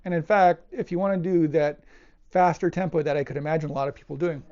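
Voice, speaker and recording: A man's voice: a little high, fast. A man giving a casual cello lesson, talking in a thoughtful, hesitant way with fillers and restarts. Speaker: cello teacher. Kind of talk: casual music lesson talk. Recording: dull lo-fi audio with loud cello playing. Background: loud cello music.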